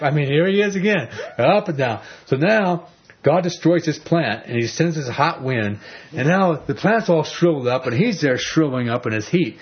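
A man teaching a Bible passage in a casual sermon, telling the story with animated energy and repeating words. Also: on the high side, normal speed, slightly rough. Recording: dull lo-fi recording.

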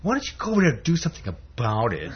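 A man's voice: mid-range voice, huge pitch swings, racing, heavy background noise. A man voicing a sly male devil who needles and insinuates, prodding his listener with repeated "hey"s on a dull lo-fi recording. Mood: goading.

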